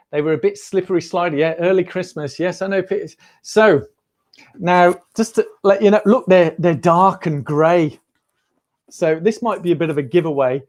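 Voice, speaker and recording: A man's voice: sits high, a little mellow. A middle-aged man hosting a casual livestream, chatty and jokey, talking straight to his viewers. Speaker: running channel host. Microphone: camera on a livestream.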